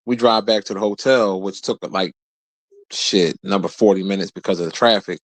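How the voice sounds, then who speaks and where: A man in his forties telling a rambling, profane story in a casual rant, his voice jumping high whenever he quotes someone. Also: moderate pace, no room sound. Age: 40s. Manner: profane, animated, jumps high when quoting people. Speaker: streamer host.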